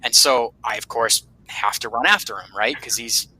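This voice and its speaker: A man hosting a podcast, telling a story in a casual, animated way, swearing freely and laughing often. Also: medium pitch, moderate pace, slightly rough, poor audio. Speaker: podcast host.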